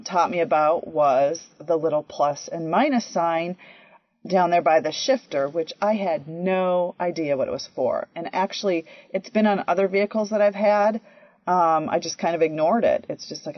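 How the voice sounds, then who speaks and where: A woman telling a personal story in a chatty, animated way, often saying "you know" and "um". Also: lowish voice, moderate pace, no room sound. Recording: dry, dull lo-fi audio.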